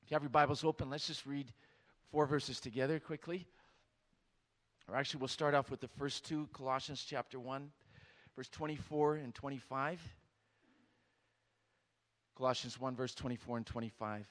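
A man's voice: mid-range voice, steady tone, normal speed, long pauses, fairly bright tone. A man from Romania preaching a sermon to a church, telling a humorous story and leading the congregation in prayer. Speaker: guest preacher.

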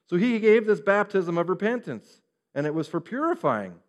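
A man preaching a sermon, animated and acting out the voices of the people he quotes. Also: high voice, moderate pace, dull audio. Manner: animated, acts out quoted speech. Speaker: pastor. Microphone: referring to a screen, preaching to a congregation.

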